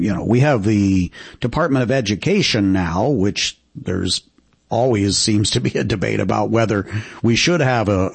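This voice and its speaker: Man, radio host, husky, dry close sound, calm questions, scripted narration. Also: lowish voice, no echo.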